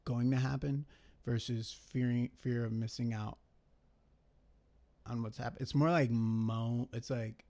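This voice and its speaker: Young guy, mid-pitched, slow-talking, casual trade recap with lots of swearing and self-criticism. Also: steady tone, dark tone. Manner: rambling, profane, self-critical, thinking aloud. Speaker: day trader reviewing his trades.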